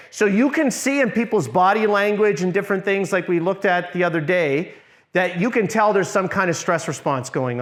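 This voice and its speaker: Middle-aged guy running a church workshop, voice a bit on the high side, chatty, keeps asking "okay?", goes soft and low for examples. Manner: conversational, checks in with "okay?". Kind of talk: teaching a workshop.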